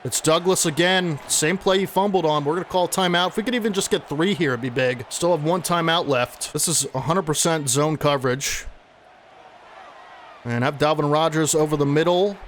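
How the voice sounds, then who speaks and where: A man commentating his own football video game play-by-play, excitable and chatty with his viewers. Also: fairly high pitch, normal speed, a little hiss or hum. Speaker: gaming channel host.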